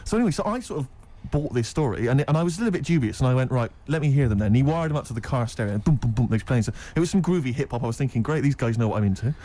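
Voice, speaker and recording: A man on a radio chat show, telling a comic anecdote in an animated way and laughing often. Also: medium pitch, racing, hardly any pauses. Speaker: radio co-host. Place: radio studio.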